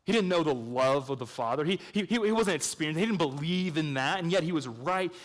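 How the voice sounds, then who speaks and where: A man preaching an evangelistic sermon, swinging between hushed intensity and loud emphatic points, with chatty storytelling asides. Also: a little high, animated, a little fast. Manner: conversational storytelling with fillers. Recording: long reverb of a large hall.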